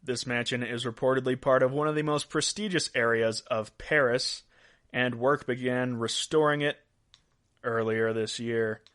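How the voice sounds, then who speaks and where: A man hosts a podcast of odd news, talking casually through each story. He breaks into laughs at his own jokes, and his voice sits at an ordinary middle pitch. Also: steady tone, normal speed, a bit bright. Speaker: podcast host.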